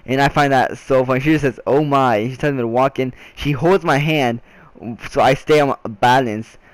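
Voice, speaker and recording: A man's voice: medium pitch, normal speed, no room sound. A young man vlogging a casual storytime, rambling with frequent restarts and filler words.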